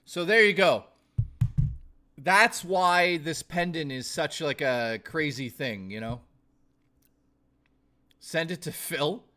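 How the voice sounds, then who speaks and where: A man's voice: on the high side, slow pace, long pauses, sharp tone. A man hosting a casual live stream, rambling and thanking viewers, his voice strained and fading. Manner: rambling, thanks chat by name. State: losing his voice.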